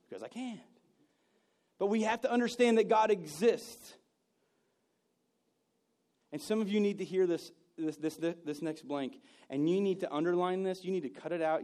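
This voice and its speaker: A man preaching a sermon, telling personal stories and moving between loud bursts and hushed moments. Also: a little high. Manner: storytelling, swings from loud to hushed. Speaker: pastor.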